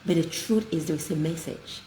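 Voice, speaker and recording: A woman's voice: low-pitched, normal speed. A woman hosting an inspirational talk, telling stories in an emphatic, heartfelt way. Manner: warm, emphatic storytelling. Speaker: host. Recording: echoey room with light noise.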